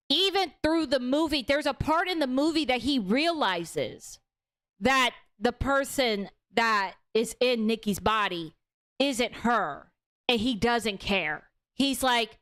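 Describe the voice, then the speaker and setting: A young woman hosting a casual livestream movie review, animated and outspoken, swearing freely as she recounts the plot. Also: on the high side, slow pace.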